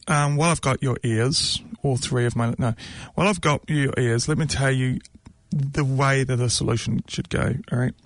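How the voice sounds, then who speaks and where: A man's voice: medium pitch, no echo. A man giving a blunt, ranting opinion monologue, full of restarts and fillers.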